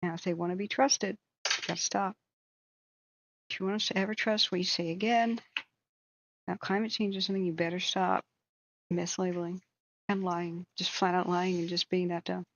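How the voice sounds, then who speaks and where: A woman's voice: lowish voice, flat delivery, fairly quick. A woman who hosts a wildfire tracking channel, giving a blunt, heated commentary rant with swearing.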